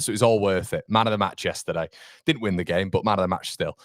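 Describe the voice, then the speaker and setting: Chatty man, slightly low voice. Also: racing, dry recording. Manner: chatty, rambling, reads out viewer comments. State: mildly concussed, a bit fuzzy. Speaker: fan channel host. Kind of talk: live-stream football chat.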